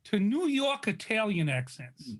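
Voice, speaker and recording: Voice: medium pitch, very animated, measured pace. A host setting up improv scenes and giving the players new instructions. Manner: casual, directing the players. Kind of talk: announcing improv games.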